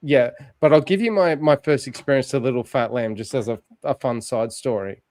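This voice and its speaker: A man with an ordinary middle voice chats as a guest. He rambles, restarts and tells side stories in a relaxed way. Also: medium pitch, fairly quick, no echo. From Australia. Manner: rambling storyteller, many fillers and restarts. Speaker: guest streamer. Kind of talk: casual chat.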